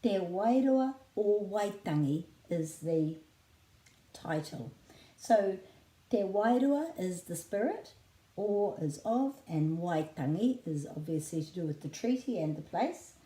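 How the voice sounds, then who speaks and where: A woman with a New Zealand accent, a children's book author teaching in a clear, patient way and spelling out words slowly. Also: medium pitch, lively intonation, dark tone, roomy sound, rough recording. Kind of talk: friendly teaching talk.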